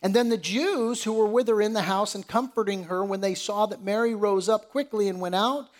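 A male pastor preaching a sermon, reading scripture aloud and retelling it in everyday words, sometimes dropping to a hush for emphasis. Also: high-pitched, brisk.

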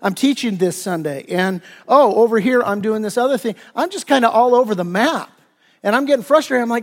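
High-voiced guy preaching, chatty and animated, lots of restarts, echo from a big church hall. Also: fairly quick. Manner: animated, acts out imagined listeners, frequent restarts. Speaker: pastor. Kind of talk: conversational sermon.

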